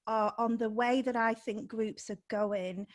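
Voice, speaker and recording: A woman's voice: on the high side, steady tone, unhurried. A woman business coach, a guest on a podcast interview, talking unscripted in an upbeat way, laughing between points and stressing key words.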